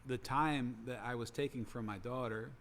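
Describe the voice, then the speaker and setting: A retired man in ministry speaks in an earnest, measured way as he reflects on his own life. His voice sits mid-pitch, with faint ambient noise behind him. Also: fairly even intonation. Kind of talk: reflective personal sharing.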